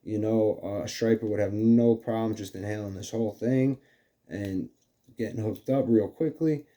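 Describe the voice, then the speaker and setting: Dark-voiced New York man. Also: fairly low pitch, normal speed. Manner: rambling, many fillers like "you know". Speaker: fishing channel host. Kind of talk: casual lure demonstration.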